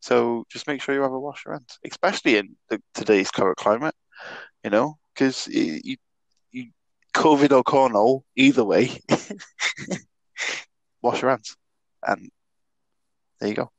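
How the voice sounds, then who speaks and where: A man's voice: medium pitch, measured pace, creaky, pauses often, no echo, low-quality recording. A man co-hosting a casual podcast, swearing and joking bluntly over a remote call. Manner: swearing, laughing, jokey and blunt. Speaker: podcast co-host.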